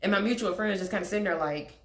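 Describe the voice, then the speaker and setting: A woman's voice: medium pitch, fast talker, fairly bright tone. A young woman in a casual storytime vlog, candid and chatty, with frank swearing and wry laughs. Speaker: vlogger telling a personal story. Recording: echoey room.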